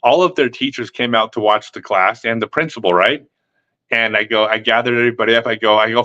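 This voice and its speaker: Bright-voiced man telling a story. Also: medium pitch, quick pace, muffled recording. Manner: animated, acts out quotes with laughs. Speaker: live stream host. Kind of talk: casual storytelling. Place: home live stream.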